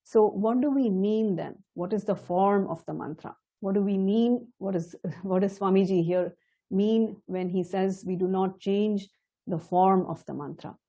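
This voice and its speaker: Woman, middle-aged, slow measured teaching voice, mellow and warm. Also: medium pitch. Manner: slow, measured and explanatory, with soft laughs. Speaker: chanting teacher. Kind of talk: spoken lesson with chanted demonstrations.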